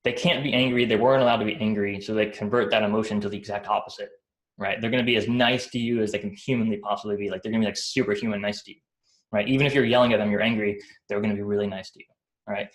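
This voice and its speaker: Low-voiced man explaining in a loose, rambling way. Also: fairly even intonation, very fast. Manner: rambling, many fillers like "right?" and "like". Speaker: speaker explaining psychology. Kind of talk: casual explanatory talk. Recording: echoey room.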